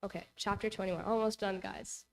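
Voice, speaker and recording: A woman's voice: medium pitch, fairly even intonation, normal speed, slight background noise, low-quality recording. Chatty young woman retelling a Bible story. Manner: chatty retelling full of "like" and "you know". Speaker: Bible study presenter. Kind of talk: casual Bible lesson to a youth group. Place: church hall.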